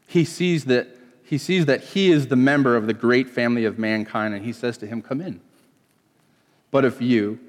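Male pastor, from California, storytelling sermon delivery, mid-pitched, reverberant hall sound. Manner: storytelling, acting out quoted voices.

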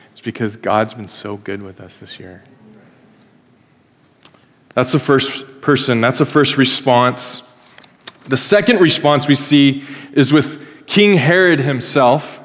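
Animated preacher in an echoing church hall. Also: male voice, medium pitch, normal speed. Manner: conversational storytelling, acts out quoted voices. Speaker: pastor. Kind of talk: sermon. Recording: long reverb in a hall.

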